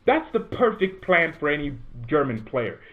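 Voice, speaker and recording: A man's voice: fairly high pitch, moderate pace. A man hosting a football fan channel, rambling in casual commentary and often tagging his points with "right?". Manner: animated, rambling, keeps asking "right?". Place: home room. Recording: tinny phone-like sound.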